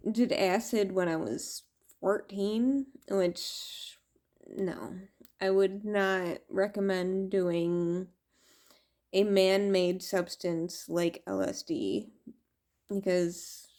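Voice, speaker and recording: A woman's voice: mid-range voice, darkish tone. A woman tarot reader talking casually to camera, rambling, laughing often and swearing.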